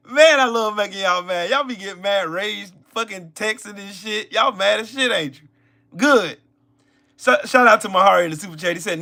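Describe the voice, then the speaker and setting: A man hosting a live stream, loudly taunting his viewers, mocking them in put-on voices and repeating himself. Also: high voice, vocal fry. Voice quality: loud, confrontational, mocking. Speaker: livestream host. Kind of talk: live-stream political rant.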